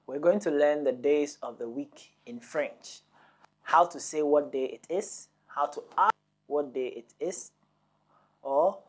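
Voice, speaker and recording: A woman's voice: sits low, a little mellow, a little hiss or hum. A woman hosting a French lesson, patiently quizzing listeners and repeating words for them to copy. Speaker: French teacher. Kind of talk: language lesson.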